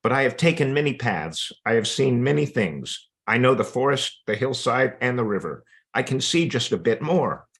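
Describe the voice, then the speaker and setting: A man voicing a calm, wise male fox leader in a storybook reading, speaking in a steady, reassuring way. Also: mid-range voice, moderate pace, hardly any pauses, voice pushed up. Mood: confident.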